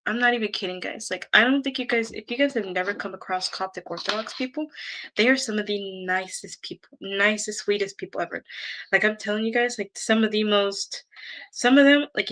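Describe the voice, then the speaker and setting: Young woman vlogger with a bright, clear voice, chatty and rambling, casual storytelling to camera. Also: medium pitch, fairly quick, poor audio. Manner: chatty, rambling, heavy use of "like" and "um". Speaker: YouTuber.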